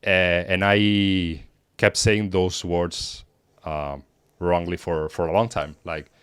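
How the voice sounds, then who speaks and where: A man's voice: sits low, little pitch movement, slow pace, fairly bright tone, clean tone, no echo. A man from Spain, a native Spanish speaker, talking thoughtfully in an interview as a guest, often repeating words as he thinks. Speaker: guest, language teacher. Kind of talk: conversational interview.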